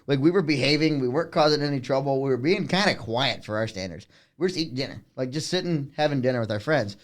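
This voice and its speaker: A man in his twenties co-hosting a podcast, retelling a bar story in animated casual chat with frequent laughs. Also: mid-range voice, quick pace. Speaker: podcast co-host.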